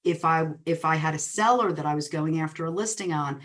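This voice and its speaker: A woman with a somewhat low voice gives a coaching talk to real estate agents. She tells stories in a lively way and slips into the voices of the people in them. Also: brisk. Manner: lively storyteller who acts out quoted dialogue. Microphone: webinar recording.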